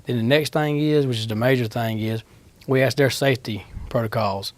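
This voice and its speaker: A man's voice: mid-range voice, moderate pace, no room sound. A man, a utility line crew worker answering interview questions in a plain, practical, matter-of-fact way.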